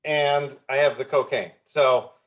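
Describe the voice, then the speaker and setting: A man's voice: medium pitch, fairly even intonation, measured pace. A man in his fifties, a guest on an interview podcast, telling a personal story candidly with frequent restarts and repeated words. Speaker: guest, founder of a recovery movement.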